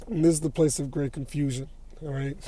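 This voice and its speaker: A male preacher delivers a scripture lesson in a steady teaching tone. His voice sits a little high but sounds dark and mellow, and it stays flat in pitch. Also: fairly quick, slight background noise. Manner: repeats "all right?" as a tag, steady teaching tone. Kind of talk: sermon lesson.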